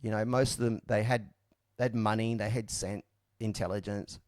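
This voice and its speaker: A man's voice: fairly low pitch, fairly even intonation, moderate pace, a little mellow, no room sound, studio quality. A man in young adulthood, frankly and reflectively telling his story in casual talk, with many fillers and restarts. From Australia.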